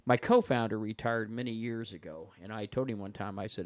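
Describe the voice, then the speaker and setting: A man's voice: lowish voice, brisk, few pauses, dry recording. A man, a guest paranormal investigator and author, telling stories in casual chat and acting out the voices of the people he quotes. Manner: animated storyteller who acts out quoted voices.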